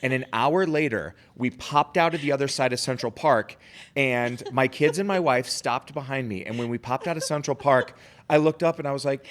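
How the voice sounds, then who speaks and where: A man's voice: mid-range voice, moderate pace. A man in his forties co-hosts a podcast in casual chat. He tells long stories about himself in a self-mocking way, laughing along as he goes. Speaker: podcast co-host.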